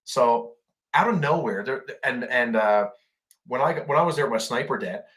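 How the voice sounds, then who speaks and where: A man's voice: mid-range voice, animated, normal speed, fairly bright tone. A man from Canada co-hosting a veterans' podcast, telling a story from his deployment. He rambles, repeats himself and restarts his sentences, with plenty of fillers along the way. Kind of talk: casual storytelling chat.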